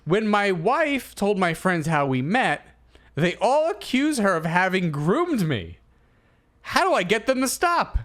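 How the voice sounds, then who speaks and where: A man in his thirties co-hosting a comedy podcast, telling stories in a casual, animated way and acting out quotes. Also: sits high, a little slow. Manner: animated storyteller, acts out quotes. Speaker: podcast co-host.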